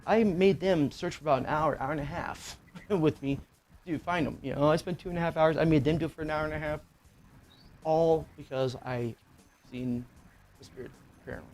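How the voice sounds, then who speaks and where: A middle-aged man tells a personal ghost story in a loose, rambling way. His voice sits a bit high for a man, and he swears freely and fills the gaps with ums and you-knows. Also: fairly even intonation, brisk, a little mellow, a little hiss or hum. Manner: rambling, profane, with filler words. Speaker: podcast co-host. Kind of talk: casual storytelling chat.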